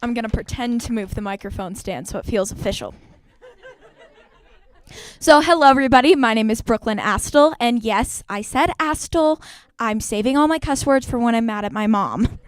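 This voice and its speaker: A woman's voice: on the high side, lively intonation, moderate pace, dry recording. A fourteen-year-old girl opening a comic spoken word performance with chatty jokes. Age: teenager. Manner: joking, chatty.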